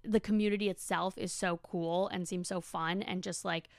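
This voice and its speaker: A woman's voice: fairly low pitch, fairly even intonation, normal speed, vocal fry, no room sound, clean studio sound. A young woman hosting a podcast, telling a story in a chatty, casual way with lots of fillers and swearing. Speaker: podcast host. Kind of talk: casual monologue.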